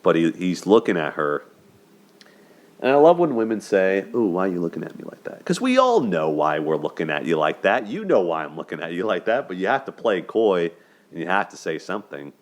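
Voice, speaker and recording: A man with a low-sitting, very animated voice talks at normal speed while casually breaking down a movie's romance. He hosts a dating and movie commentary show and keeps it chatty, often asking "right?" and laughing.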